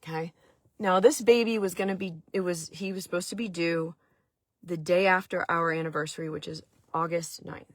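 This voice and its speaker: A middle-aged woman with a Maine accent talks on a casual home stream in a fairly low voice. She rambles warmly through her story with lots of "like" and restarts. The sound is dry and close, with no room around it. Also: fairly even intonation, moderate pace, no room sound. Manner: chatty, emotional, many fillers and restarts; talks to viewers in the chat. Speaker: host of a chat stream.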